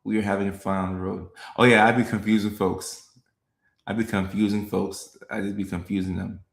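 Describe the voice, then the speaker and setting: A young man chats casually on a live stream, answering comments in a relaxed, repetitive way and chuckling often. His voice sits on the low side with a gravelly fry, and the room gives it a noticeable echo. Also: moderate pace. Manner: laid-back, repeats lines, chuckles often. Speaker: comedian hosting a live stream.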